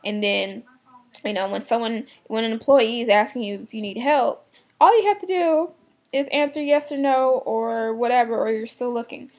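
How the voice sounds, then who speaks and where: Fed-up gravelly-voiced young woman ranting. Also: a little high, moderate pace, a little mellow. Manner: exasperated, blunt, swears casually, fillers like "like". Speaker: shoe department retail worker. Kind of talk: venting to camera.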